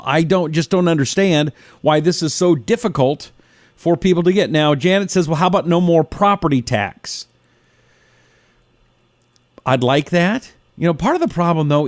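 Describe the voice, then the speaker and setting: A man with a fairly high-pitched voice, heard in a dry recording, hosts a casual live call-in talk show. Chatty and sarcastic, he reads out listener names between his opinions.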